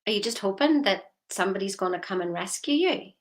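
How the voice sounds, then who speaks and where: A woman's voice: mid-range voice, lively intonation, a little fast. A woman giving a motivational talk as a coach, firing repeated questions at the listener.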